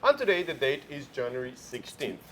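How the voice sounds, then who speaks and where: A man's voice: medium pitch, very animated, brisk, bright, forceful tone, a little hiss or hum. A man hosting a morning show in casual chat, playfully quizzing his co-host.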